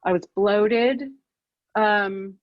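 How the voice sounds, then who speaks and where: A woman's voice: mid-range voice, very slow, no room sound, dull audio. Candid woman telling her own story. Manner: candid, self-deprecating, with fillers and laughs. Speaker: keynote speaker. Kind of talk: personal storytelling talk. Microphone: video call.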